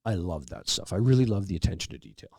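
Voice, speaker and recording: A middle-aged man, a podcast guest, telling long stories in a relaxed, casual way and acting out the lines of the people in them. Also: deep voice, fast, gravelly, no echo, studio quality. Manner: relaxed anecdotal storyteller, acts out quoted dialogue. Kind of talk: casual storytelling interview.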